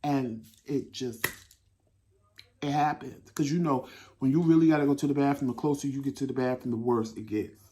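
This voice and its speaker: A man hosting a talk show, telling a story in a casual, animated way and swearing freely. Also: mid-range voice, normal speed, a little hiss or hum. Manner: animated, swearing, laughing at himself. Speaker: host.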